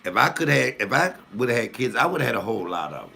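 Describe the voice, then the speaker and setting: A man in his fifties doing casual comic storytelling, animated, jumping high and loud when he acts out outbursts. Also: quick pace, gravelly, a little hiss or hum. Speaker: comedian storyteller.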